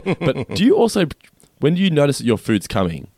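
A man's voice: fairly high pitch, wildly swooping pitch, normal speed, creaky, mellow, dry recording, studio quality. A man, a podcast co-host casually recapping a sitcom, laughing often and stammering into his points.

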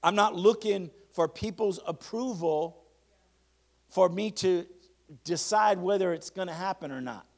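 Leading his congregation in call-and-response, a high-voiced male pastor preaches a sermon, reading declarations slowly and with emphasis.

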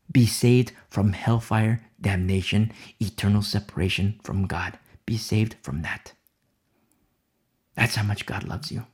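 A man preaching a sermon with fervent, dramatic delivery that swings from loud declarations to hushed whispers. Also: on the low side, husky.

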